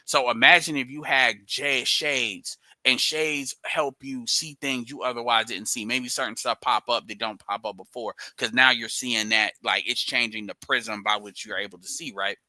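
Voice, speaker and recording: A man's voice: medium pitch, fairly even intonation, normal speed, hardly any pauses, sharp tone, no room sound, low-quality recording. A man hosting a casual stream chat, explaining his ideas in loose, rambling sentences full of restarts.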